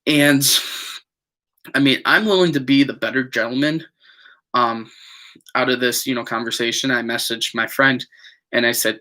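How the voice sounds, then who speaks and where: A man's voice: mid-range voice, steady tone, normal speed, a bit bright. A young man casually recounting a falling-out with friends to his viewers, rambling with lots of fillers and repetition. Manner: rambling, frequent fillers and repeats. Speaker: vlogger. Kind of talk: casual storytelling to camera.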